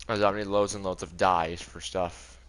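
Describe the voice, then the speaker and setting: A man's voice: low-pitched, flat delivery, moderate pace, fairly bright tone, clean tone. A young man giving a casual, rambling tour of his game world, often correcting himself as he goes. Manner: rambling, chatty, self-correcting. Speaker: gaming video creator.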